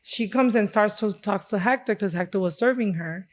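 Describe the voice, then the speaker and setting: A woman's voice: medium pitch, moderate pace. A woman from Chicago, a chef and restaurant owner, talking in conversation and acting out the dialogue in her stories. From Chicago, United States. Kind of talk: conversational storytelling.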